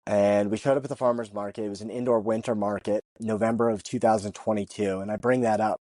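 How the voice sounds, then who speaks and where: A man's voice: lowish voice, fast, dry recording. A man who is a chicken farmer, telling stories as a podcast guest, acting out what people said and laughing often. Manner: lively storyteller who acts out dialogue and laughs often; repeats and restarts words while telling a story. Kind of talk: casual storytelling interview.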